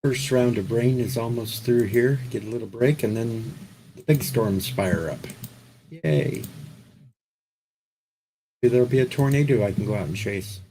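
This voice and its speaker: A man's voice: medium pitch, measured pace, long pauses, noisy background. A man hosting a radio show, trading dry jokes in casual on-air chat. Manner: joking, dry banter.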